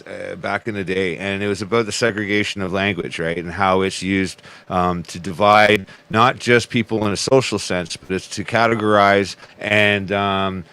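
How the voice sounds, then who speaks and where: Smooth-voiced man, rambling chat. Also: lowish voice, sharp tone. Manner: rambling, many fillers and asides, swears. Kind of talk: casual conversation.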